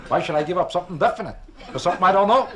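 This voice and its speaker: A man's voice: high voice, animated, rapid-fire. A man performing a live stand-up routine as a comedian, talking in a wry, kvetching way and firing off rhetorical questions from a stage. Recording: crackly old vinyl record with clicks.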